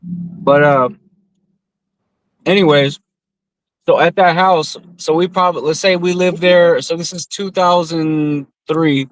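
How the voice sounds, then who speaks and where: A man's voice: on the high side, fairly even intonation, takes it slowly, pauses often, no room sound, rough recording. A man in his thirties from the US West Coast, co-hosting a podcast and telling a long, profane story among friends with lots of fillers. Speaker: podcast co-host.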